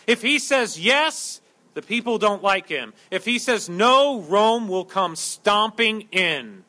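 A man preaching a sermon in a lively, joking way, acting out quotes and voices as he teaches. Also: high-pitched, slow. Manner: animated, jokey preaching with acted-out quotes. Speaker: pastor.

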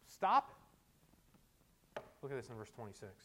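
A middle-aged man preaching a sermon as a pastor, moving between quiet storytelling asides and forceful exhortations. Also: medium pitch, big pitch swings, normal speed.

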